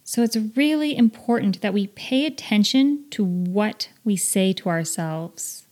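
A woman's voice: mid-range voice, animated, measured pace, darkish tone. A woman in her thirties hosting a self-help podcast, talking earnestly and with animation, laughing at herself now and then. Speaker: podcast host.

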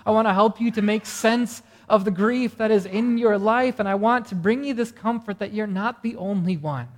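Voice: mid-range voice, normal speed. A pastor delivering a morning sermon earnestly, asking the congregation rhetorical questions. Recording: reverberant hall sound.

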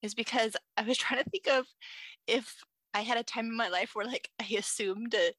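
A woman's voice: on the high side, moderate pace, fairly bright tone, no room sound. A woman co-hosting a podcast in casual chat, talking chattily with many fillers and restarts. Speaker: podcast co-host.

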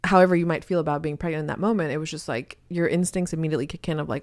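A woman's voice: deep voice, fast talker, few pauses, a little mellow, dry recording, clean studio sound. A woman co-hosting a podcast, a new mother, talking candidly and animatedly in casual chat. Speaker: podcast co-host.

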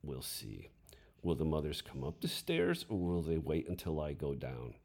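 A man's voice: very deep voice, wildly swooping pitch, normal speed, gravelly, darkish tone, slightly rough. A man reading his own memoir story aloud, dramatic in delivery and voicing his inner thoughts.

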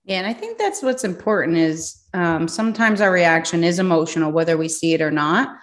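A woman's voice: on the low side, animated, brisk. A woman hosting a business conversation, talking casually and acting out her own reactions. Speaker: podcast host.

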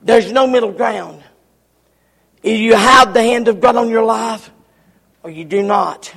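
A man pastor preaching a sermon in an emphatic, folksy style, often raising his voice to a shout. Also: high voice, a little slow, creaky, slightly rough. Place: church sanctuary. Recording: long hall reverb.

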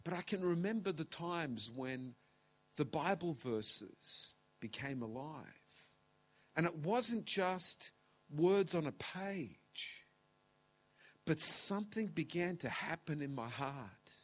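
A man's voice: on the high side, animated. A man in his fifties preaching a sermon in an auditorium, emotional and close to tears, dropping to whispers. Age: 50s. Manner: emotional, tearful preaching with dramatic pauses and whispers. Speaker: pastor. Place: large auditorium.

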